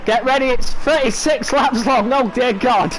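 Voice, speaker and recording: A young British man commentating an online racing league, excitable and exclaiming over crashes. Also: extremely high pitch, normal speed, soft background music, poor audio. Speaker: race commentator.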